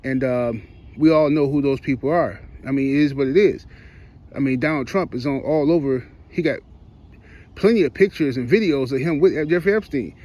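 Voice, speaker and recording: A man's voice: mid-range voice, normal speed, dark tone, highs cut off. Heated rambling male commentator. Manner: heated, rambling, slangy, with frequent restarts. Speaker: YouTube commentator. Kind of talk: opinion commentary vlog.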